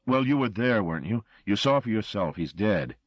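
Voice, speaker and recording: A man's voice: lowish voice, very animated, normal speed, no echo, dull audio, voice pushed up. A man reading an audiobook voices a frightened male chauffeur who blusters and pleads.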